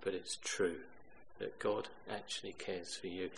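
A man's voice: low voice, flat delivery, measured pace, vocal fry, rough recording. Storytelling male preacher with faint hiss. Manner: storytelling, swings from loud emphatic to quiet. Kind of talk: sermon.

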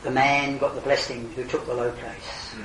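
An older man preaching an earnest evangelistic sermon, his voice swelling to emphatic calls and then falling quiet. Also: mid-range voice, level tone, moderate pace, slight background noise. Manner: earnest, rising to emphatic exclamations then dropping soft. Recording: roomy hall, distant mic, faint ambience.

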